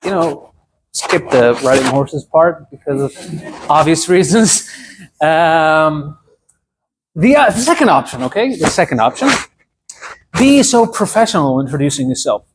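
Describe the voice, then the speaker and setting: A man in his thirties from Saudi Arabia with a Saudi Arabian accent, giving a humorous club speech with dramatic pauses and asides. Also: a little high, big pitch swings. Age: 30s. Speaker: public speaker. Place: club meeting room. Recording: noisy room recording.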